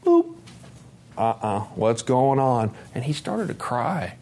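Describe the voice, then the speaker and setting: A man in his forties giving a recovery testimony at a conference, storytelling in a lively, profane way, swinging from loud to soft. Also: mid-range voice, measured pace, a little hiss or hum. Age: 40s. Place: conference hall talk.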